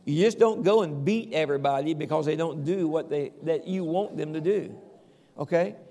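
A man's voice: on the high side, moderate pace, warm tone. An older man preaching a conversational sermon as pastor, often checking in with the congregation and chuckling now and then. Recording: long reverb of a large hall.

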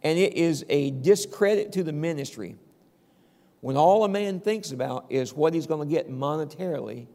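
Older man, pastor, conversational sermon, fairly high voice, gravelly edge, long echo of a church hall. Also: expressive, moderate pace, mellow. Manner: conversational preaching, often checking in with "okay?". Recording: long reverb of a large hall.

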